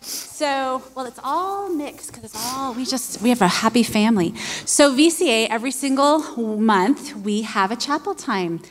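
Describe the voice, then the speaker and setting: A woman's voice: fairly high pitch, lively intonation, moderate pace, big-room sound, slight background noise. A woman making an upbeat, enthusiastic announcement at church.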